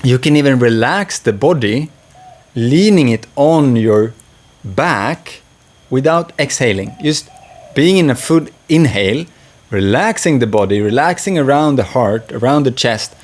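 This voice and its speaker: Slow, gentle man teaching breathwork. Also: mid-range voice, expressive. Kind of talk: calm spoken lesson.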